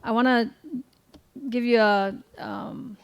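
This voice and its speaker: A woman moderating a panel, closing with measured thanks and announcements. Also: on the high side, fairly even intonation, creaky, clean tone. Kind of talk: closing remarks at an event.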